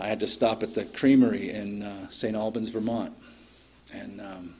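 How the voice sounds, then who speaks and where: A man's voice: fairly low pitch, husky. A middle-aged man telling his story at a recovery meeting in a plainspoken, blunt way, with many ums and some cursing. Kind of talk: personal recovery share. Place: meeting room. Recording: dull lo-fi meeting recording.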